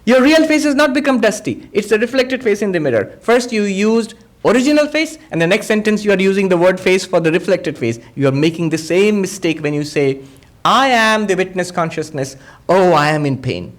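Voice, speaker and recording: A monk teaching a spiritual discourse, patiently explaining ideas through everyday examples and quoted dialogue. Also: male voice, high voice, animated, a little fast, few pauses. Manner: acts out quoted speakers in dialogue.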